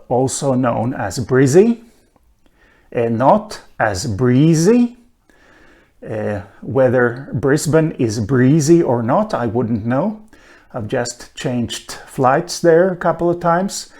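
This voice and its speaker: A man lectures at a slow, deliberate pace, his voice sitting at an ordinary middle pitch. He fills his pauses with frequent "uh" sounds and now and then slips in a dry aside. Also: darkish tone. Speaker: lecturer on linguistics. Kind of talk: recorded online lecture.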